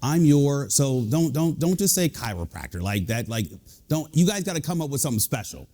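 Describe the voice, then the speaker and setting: Lively joking man giving a talk. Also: medium pitch, a little fast. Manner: lively, joking, animated delivery. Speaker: executive coach and leadership speaker. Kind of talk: live talk to an audience.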